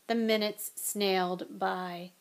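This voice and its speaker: A woman reading a novel aloud in an expressive way, with relaxed, chatty asides to her listeners. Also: medium pitch, takes it slowly. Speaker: audiobook reader.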